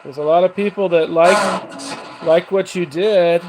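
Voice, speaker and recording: A man talks casually to unseen spirits, coaxing them with one question after another. His voice sits a little high for a man. A clear hiss of noise runs under everything. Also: steady tone, measured pace. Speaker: paranormal investigator. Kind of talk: casual ghost box session talk. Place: house, indoors.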